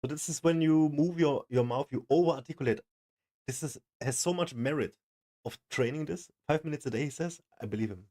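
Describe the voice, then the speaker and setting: A man reacting casually to a video as a streamer, excitable and experimenting aloud. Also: a little high, a little fast. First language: German. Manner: casual, excitable, trying things out.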